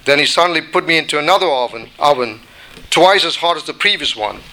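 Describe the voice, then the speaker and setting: Brief: man voicing a patient, long-suffering teacup in a storybook parable, bright clear tone. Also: on the high side, animated, fast talker, rough recording. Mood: recounting. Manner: plain storytelling read-aloud delivery. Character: little china teacup, once ordinary clay, long-suffering.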